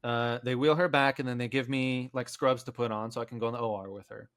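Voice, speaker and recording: A man's voice: mid-range voice, fairly even intonation, fast talker, a bit bright, dry recording. A man co-hosting a podcast, telling a long story in a rambling, casual way and acting out what others said, with many filler words. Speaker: podcast co-host. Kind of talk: casual storytelling among friends.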